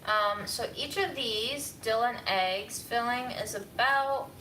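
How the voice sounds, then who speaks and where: Woman cooking dumplings on stream, sharp bright voice, teasing, echoey kitchen w faint hum. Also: on the high side, slow pace, recorded from a distance. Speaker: livestream host cooking. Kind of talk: casual chat. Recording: echoey room, off-mic, faint noise.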